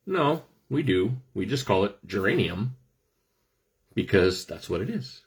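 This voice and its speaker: A man's voice: on the low side, animated, normal speed, breathy edge. A middle-aged man hosting a casual talk on essential oils, explaining things with dry, self-deprecating jokes. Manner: joking, self-deprecating asides. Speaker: host.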